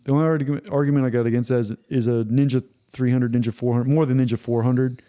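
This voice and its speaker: Mellow-voiced man, opinionated podcast host. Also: mid-range voice, fairly even intonation, fast talker. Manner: opinionated and enthusiastic, full of restarts and "like". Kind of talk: casual podcast chat.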